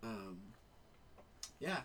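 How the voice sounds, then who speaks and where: A man's voice: lowish voice, sing-song, extremely slow, a bit bright. A man co-hosting a podcast, trading dry, teasing banter in casual chat. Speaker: podcast co-host.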